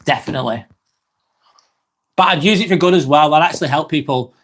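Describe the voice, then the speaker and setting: A man's voice: on the high side, a little fast, fairly bright tone. A man hosting a live stream, reading viewers' comments aloud and chatting back in a casual, rambling way. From England.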